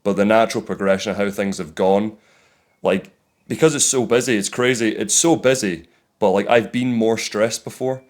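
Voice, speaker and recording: A young man with a Scottish accent tells stories from his working week straight to camera in a loose, chatty vlog style. His voice sits on the low side. He swears casually and gets animated when he replays an argument. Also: normal speed. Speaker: vlogger, landscaping business owner.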